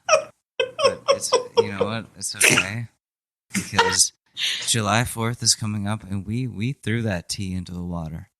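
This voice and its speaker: A man's voice: on the low side, wildly swooping pitch, unhurried, very noisy. Joking, foul-mouthed young male podcast host. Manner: joking, swears freely, rambling asides. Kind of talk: casual comedic chat.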